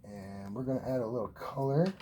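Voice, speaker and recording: A man's voice: medium pitch, brisk, dark tone. A man teaching oil painting as he works, talking the viewer through each stroke in an encouraging, repetitive way, sometimes moving away from the mic. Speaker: painting instructor. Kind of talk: relaxed painting tutorial. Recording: faint background noise.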